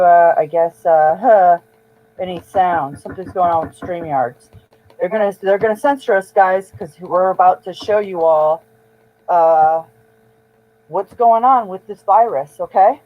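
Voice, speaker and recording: A woman's voice: lowish voice, normal speed. A woman hosting an emotional live-stream monologue, upset and agitated, rambling and repeating herself. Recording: dull lo-fi stream audio.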